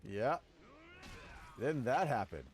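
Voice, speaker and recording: A man doing jokey let's-play commentary while he plays a game, with loud goofy reactions. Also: mid-range voice, sing-song, slow pace. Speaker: gaming video host.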